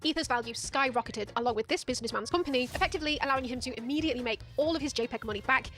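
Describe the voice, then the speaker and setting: A woman's voice: sits high, very fast, a bit bright, soft background music. A woman giving sarcastic, profane commentary as the host of a video essay. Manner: sardonic, profane, mocking.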